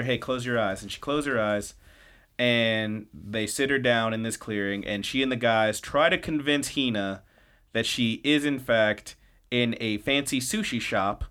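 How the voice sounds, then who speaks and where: A man co-hosting a podcast, casually retelling an episode and tossing in quick snippets of the characters' lines. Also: on the low side, a bit bright. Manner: loose, chatty retelling with quick snippets of quoted dialogue. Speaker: podcast co-host.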